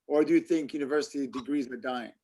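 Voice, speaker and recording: A man's voice: medium pitch, fast talker, dark tone. A man hosting a casual online session, asking short conversational questions. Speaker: host. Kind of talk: casual online AMA interviewing.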